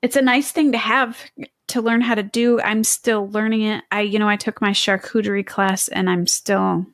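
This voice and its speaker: A woman's voice: medium pitch, fairly even intonation, moderate pace, no echo, clean studio sound. A woman co-hosting a podcast in casual chat, talking in a chatty, enthusiastic way and poking fun at herself. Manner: chatty, enthusiastic, self-deprecating. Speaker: podcast co-host.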